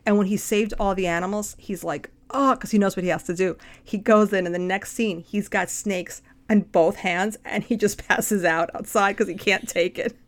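A woman co-hosting a podcast, chatting casually and telling animated stories. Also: mid-range voice, moderate pace, few pauses. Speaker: podcast co-host. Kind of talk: casual chat.

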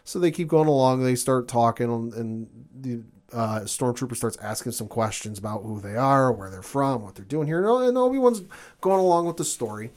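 A man co-hosting a casual podcast chat, retelling a TV episode with lively acted-out lines. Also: medium pitch. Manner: animated, acts out characters' lines in quick voices. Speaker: podcast co-host.

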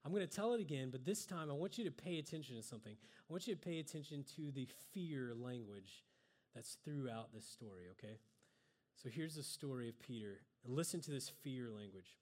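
A man's voice: medium pitch, animated, a little fast, darkish tone. A man giving a conversational sermon, drawing on a board and joking at himself as he goes. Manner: conversational, self-deprecating with laughs. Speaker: preacher.

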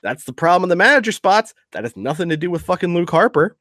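Animated, ranting podcast host, a man. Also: sits high, quick pace, dry recording, studio quality. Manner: ranting, sarcastic, swears, reads news aloud. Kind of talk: casual podcast chat.

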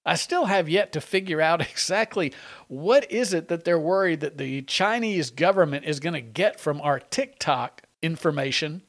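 A man hosting a talk radio show, delivering opinionated political commentary in an animated, sarcastic and emphatic way. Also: a little high, normal speed.

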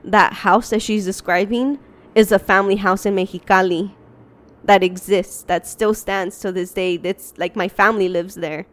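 A woman's voice: medium pitch, fairly even intonation, normal speed. A woman guest on a podcast, chatting casually about creepy experiences, swearing and laughing easily. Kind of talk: casual chat.

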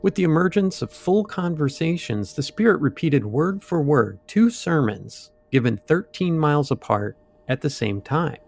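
A man's voice: on the high side, animated, normal speed, vocal fry, hardly any pauses, darkish tone. A man co-hosting a podcast, retelling a ghost story in a loose, rambling way with asides and fillers. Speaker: podcast co-host.

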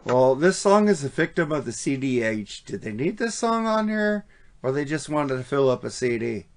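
A man's voice: mid-range voice, very animated, normal speed. A man co-hosting a casual album review podcast, blunt and profane, laughing often. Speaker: podcast co-host.

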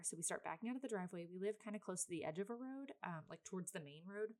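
A woman in her thirties chats through a long personal story in a casual vlog, voice sitting a little low. She rambles with plenty of fillers and asides. She is a mother talking straight to her viewers. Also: lively intonation, fast. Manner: chatty and rambling, many fillers; self-described very loud person.

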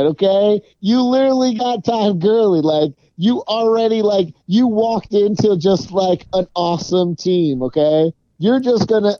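A man's voice: high voice, dark tone, no echo, lo-fi sound. A man co-hosting a casual sports podcast, sarcastic and profane, talking in loose run-on sentences. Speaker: podcast co-host.

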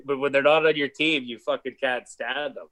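A man's voice: mid-range voice, normal speed. A man with a wife and kids, guest on a podcast, telling stories in loose, profane, rambling casual chat. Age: adult with a wife and kids. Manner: profane, rambling, animated storyteller.

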